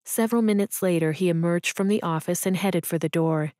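Brief: woman audiobook narrator, calm and even, lowish voice, very dry close recording. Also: a little fast, no room sound. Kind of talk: scripted narration.

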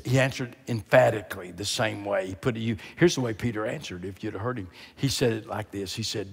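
An older man preaching a sermon, moving from quiet, hushed emphasis to loud, impassioned exhortation. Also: on the low side, fairly quick, gravelly, few pauses, slightly rough. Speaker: guest preacher. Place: large church sanctuary. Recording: long reverb of a large hall.

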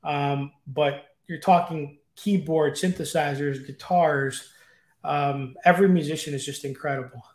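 A man's voice: a little high, fairly even intonation, a little slow, darkish tone. Upbeat man with a roomy echo. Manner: enthusiastic, rambling with fillers. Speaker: guest. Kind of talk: casual interview chat.

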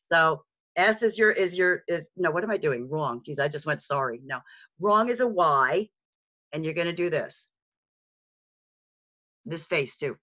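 A woman with a heavy New York accent teaching a beginner sign language lesson on a video call, chatty and frank with joking asides. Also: deep voice. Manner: lively, chatty and frank, with quick asides and self-mocking jokes. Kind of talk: live online lesson. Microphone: video call microphone.

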